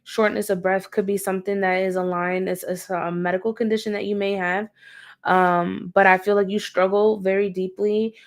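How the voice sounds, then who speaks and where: A woman's voice: medium pitch, level tone, normal speed. A woman hosting a livestream tarot reading, talking bluntly in slangy, casual speech and repeating phrases for emphasis.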